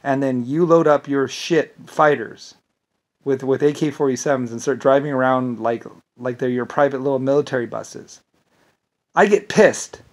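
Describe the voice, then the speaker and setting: A man's voice: mid-range voice, normal speed. A man delivering an angry, rambling vlog monologue, swearing and repeating words as he stumbles. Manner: profane, indignant, repeats words when stumbling. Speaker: vlogger.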